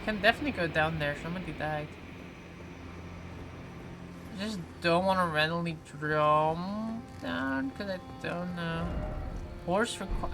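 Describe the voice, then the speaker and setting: A game streamer talks over a live session at a mid-range pitch, reading out viewer messages and replying in loose, rambling sentences full of "like" and restarts. Game music plays clearly behind the voice on a close desk mic. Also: unhurried, long pauses, rough recording. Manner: chatty, reads viewer comments aloud and answers them; frequent "like" fillers and self-corrections. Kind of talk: casual live-stream chat while playing.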